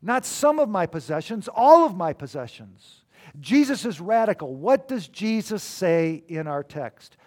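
High-voiced man preaching emphatically. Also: sing-song, a little slow. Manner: emphatic preaching with sudden swings in loudness. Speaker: pastor. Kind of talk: sermon.

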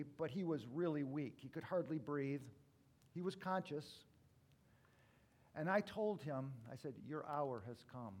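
A male pastor preaching a sermon, telling stories with big swings from loud to hushed. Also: fairly high pitch.

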